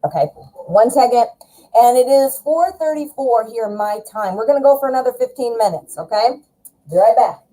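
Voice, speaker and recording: A woman's voice: a little high, normal speed, dark tone, poor audio. A woman doing a live-streamed tarot reading, chatty and reassuring, talking straight to the viewer. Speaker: tarot reader.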